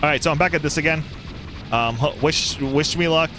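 A young man giving let's play commentary on a boss fight, excitable and taunting the enemy. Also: a little high, a little fast, a little hiss or hum. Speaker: gaming YouTuber.

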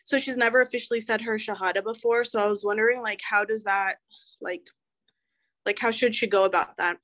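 A woman's voice: mid-range voice, steady tone, a little fast, fairly bright tone. A woman asks a question on a video call. She sounds hesitant and stops often on fillers and restarts. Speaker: participant asking a question.

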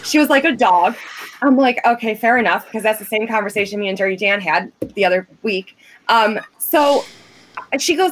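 Woman telling a lively, profane story. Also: on the high side, moderate pace, slight background noise. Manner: animated, profane, quoting others. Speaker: podcast co-host. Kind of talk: casual chat, storytelling.

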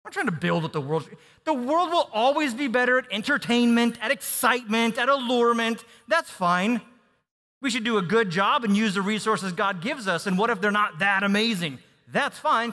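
A man pastor preaching a sermon in a conversational, animated manner. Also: sits high, fairly quick. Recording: long hall reverb.

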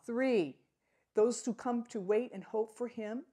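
Slow, husky-voiced woman teaching a Bible lesson. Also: on the high side, dark tone. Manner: slow, deliberate, repeats key phrases; laughs at her own slips.

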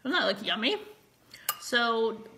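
Bubbly and full of whoops, a woman hosts a live giveaway stream from her home kitchen, frying tortilla chips and chatting with viewers while exclaiming often. Her voice is a little high, very animated, slow, pushed and bright. She sits far from the mic, so it's a bit off-mic, with roomy echo and faint room noise.

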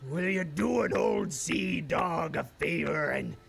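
An actor voicing a boastful old male skeleton pirate with a gravelly, bellowing sea-dog voice in a video game. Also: takes it slowly, exaggerated voice. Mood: hearty. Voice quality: gravelly, booming. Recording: game audio with faint music.

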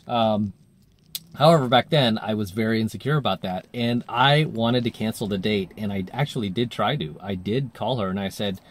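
A man's voice: on the low side, moderate pace. A man coaching dating, telling a story in a casual monologue, full of fillers, and acting out the voices he quotes.

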